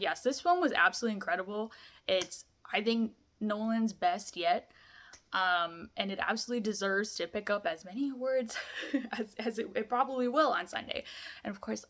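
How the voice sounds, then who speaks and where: A woman's voice: medium pitch, pushed and bright. A young woman vlogging a film review, gushing in casual chat, full of "like" and "amazing".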